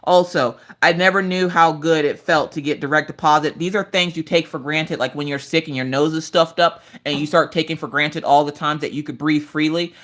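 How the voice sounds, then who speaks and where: Low-voiced woman chatting on a livestream. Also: fairly quick, hardly any pauses. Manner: animated storytelling, jumps to high squeals in quoted voices. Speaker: craft livestream host. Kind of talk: casual chat while crafting.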